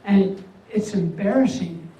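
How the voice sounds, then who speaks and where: Older man, high voice, slow deadpan jokes. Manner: slow, deadpan one-liners with pauses before punchlines. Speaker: stand-up comedian. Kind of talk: stand-up comedy set. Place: veterans' hall event room. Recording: echoey hall, mic far off, faint hum.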